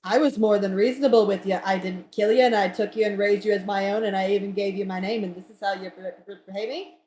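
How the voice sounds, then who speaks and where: A woman's voice: mid-range voice, steady tone, quick pace, dark tone, reverberant, slight background noise, natural voice, low-quality recording. A woman voicing a vicious old male dwarf, a hateful adoptive father who speaks with bitter scorn, in a tabletop game. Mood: scornful.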